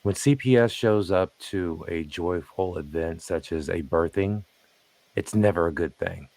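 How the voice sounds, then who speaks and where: Low-voiced man narrating commentary. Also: vocal fry, darkish tone, no echo. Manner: measured, pointed, with rhetorical questions.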